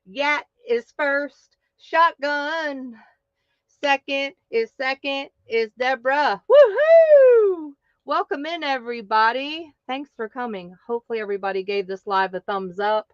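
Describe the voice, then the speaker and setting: Bubbly high-voiced woman. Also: measured pace, a bit bright, smooth, no echo, muffled recording. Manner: bubbly, playful, chatty. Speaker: livestream host. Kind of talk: casual livestream greeting.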